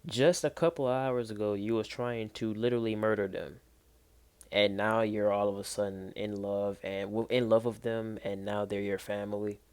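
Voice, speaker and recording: A man's voice: lowish voice, fairly even intonation, moderate pace, a little mellow, clear, resonant tone. A man hosting a reaction video, talking casually and incredulously with loose slang, recorded on a basic built-in mic instead of a real microphone. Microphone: built-in mic, not a real microphone.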